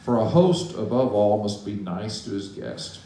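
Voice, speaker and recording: A man voicing a gentle, patient, big-hearted male moose in a children's story read aloud, in a very echoey room. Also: on the low side, animated, a little slow, slight background noise, pitched below the performer's own voice. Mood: weary. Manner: patient, put-upon. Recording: echoey hall, distant mic.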